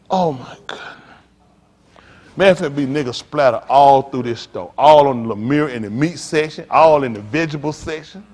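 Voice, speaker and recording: A man preaching a sermon as pastor, telling stories with loud outbursts. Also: medium pitch, normal speed. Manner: animated preaching with storytelling, loud outbursts and laughs.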